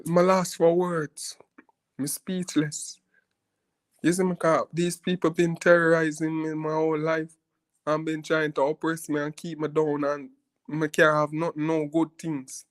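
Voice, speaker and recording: A man's voice: fairly high pitch, fairly bright tone, dry recording. A man tells a personal story in a rambling, casual way, often asking "you see me" and laughing as he goes. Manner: frequent laughs and restarts while telling.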